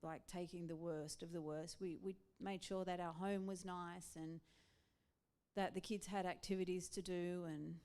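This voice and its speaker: A woman with an Australian accent, a pastor's wife, chatting casually in a church interview, animated and laughing often. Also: lowish voice, normal speed.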